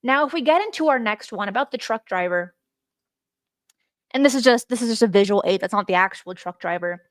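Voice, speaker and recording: An excited woman hosting a live stream, talking straight to her viewers in a fairly high, chatty voice. The sound is dry and close, with no room echo. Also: brisk. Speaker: host. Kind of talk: live-stream case study talk.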